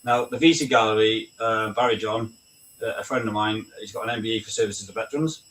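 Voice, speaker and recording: Man, blunt veteran guest, quick speech, swearing, far from the mic, faint background noise. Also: fairly low pitch, fairly even intonation, fairly bright tone. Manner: candid, blunt, swears freely, keeps asking "right?". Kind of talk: casual video-call chat.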